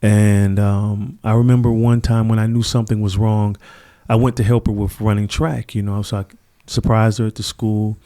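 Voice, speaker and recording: A man's voice: on the low side, little pitch movement, normal speed, dark tone. A middle-aged man, a podcast guest, telling stories earnestly and reflectively, acting out the people he quotes. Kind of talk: conversational interview storytelling.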